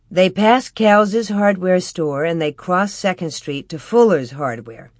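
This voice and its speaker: An audiobook narrator giving a measured, expressive storybook reading with dramatic build. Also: mid-range voice, no room sound, studio quality.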